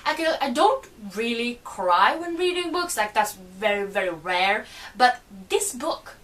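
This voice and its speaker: A woman's voice: on the high side, sing-song, measured pace, a bit bright, recorded from a distance. A woman chatting casually about a book she loves, rambling and gushing with plenty of "like" and "you know.". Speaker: book reviewer. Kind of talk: casual spoiler book talk.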